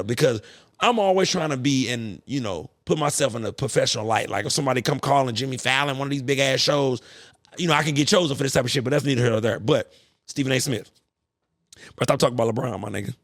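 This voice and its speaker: Man, podcast host, rapid-fire profane rant, dry close sound. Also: on the high side, no echo. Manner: profane, animated ranting. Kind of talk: casual monologue.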